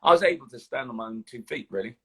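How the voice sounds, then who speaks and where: A husky older man with a London accent chats as an interview guest. He tells his story in an animated way, stopping often with ums and restarts. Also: medium pitch, rapid-fire. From London, England. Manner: animated storytelling, hesitant fillers. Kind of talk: casual interview chat.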